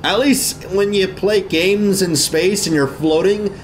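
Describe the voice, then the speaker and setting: A man's voice: sits high, takes it slowly, a little hiss or hum. A man commenting on a video game he is playing, reacting with big emotional swings and talking to the characters on screen. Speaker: let's play gamer. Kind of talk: casual gameplay commentary.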